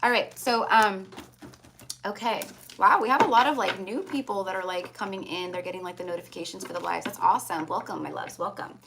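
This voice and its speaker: A woman's voice: medium pitch, fairly quick, gravelly. Brief: woman tarot reader streaming live, affectionate and chatty, faint hiss. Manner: chatty, affectionate, calls viewers love and hon.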